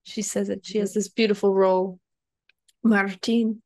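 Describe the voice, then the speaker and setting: A woman co-hosting a casual book podcast, chatty and quick to laugh. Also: medium pitch, flat delivery, warm tone. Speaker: podcast co-host. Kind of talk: casual book-club chat.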